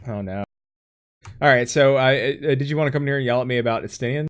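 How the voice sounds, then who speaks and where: A man co-hosting a casual gaming podcast, teasing his co-host and chatting in an animated way. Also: mid-range voice, fast talker.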